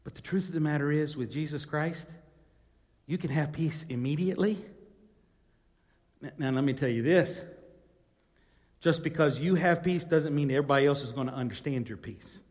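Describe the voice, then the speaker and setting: A male pastor preaching a sermon, dropping to quiet asides and then climbing to loud, emphatic questions. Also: fairly high pitch, normal speed, pauses often, big-room sound.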